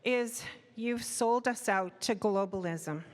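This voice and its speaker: A woman's voice: mid-range voice, slow pace. A woman in a town hall audience asking questions in an accusatory, exasperated way, with sighs. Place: large university hall. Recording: long echo of a big hall.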